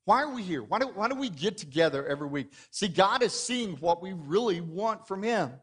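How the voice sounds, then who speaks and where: A man's voice: high-pitched, lively intonation, a little fast, breathy edge. A man preaching a sermon to his church, talking in a conversational way and often asking the congregation questions. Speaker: pastor. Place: church sanctuary.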